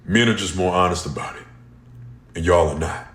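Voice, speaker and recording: A man's voice: low voice, brisk, fairly bright tone, roomy sound. A man delivering a blunt, profane social media rant full of slang.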